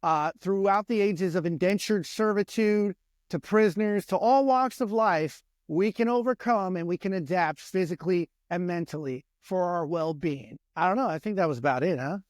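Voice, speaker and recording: High-voiced man on a profane fitness rant. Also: normal speed, dry recording, clean studio sound. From United States. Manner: ranting, profane, fired-up, repetitive exhortations. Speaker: podcast host.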